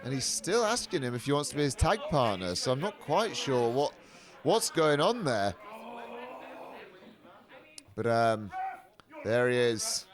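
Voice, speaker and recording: Upbeat wrestling commentator, mid-pitched man. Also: big pitch swings, unhurried, pauses often, crowd noise. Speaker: play-by-play commentator.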